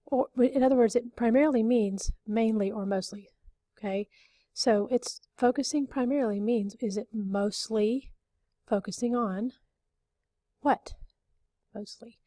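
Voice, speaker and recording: Woman teacher, mid-high and mellow, patient and repetitive, dry close recording. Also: unhurried, no echo. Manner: explains patiently, repeats and rephrases, frequent okays. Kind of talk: recorded classroom lesson.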